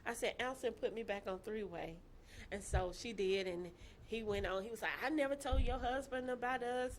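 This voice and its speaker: A woman telling her own story in casual chat, animated and laughing, acting out the voices of people she quotes. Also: on the high side, brisk, a little hiss or hum.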